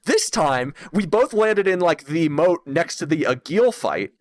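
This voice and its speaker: A man's voice: on the high side, a little slow. A man co-hosting a casual gaming podcast, rambling with many fillers and laughing as he retells moments. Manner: rambling, lots of fillers, laughs often, animated when retelling. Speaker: podcast co-host.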